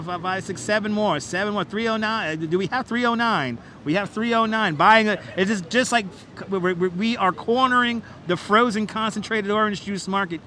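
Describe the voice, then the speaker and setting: A man keeps up a chatty, repetitive auctioneer patter while walking a city bridge on a live stream. His voice sits high and sounds bright and forceful. A wireless clip-on mic picks him up outdoors with faint traffic noise behind. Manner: auctioneer-style hyping of like counts; playful, repetitive, chatty with viewers. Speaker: livestream host. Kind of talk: live walking-tour commentary.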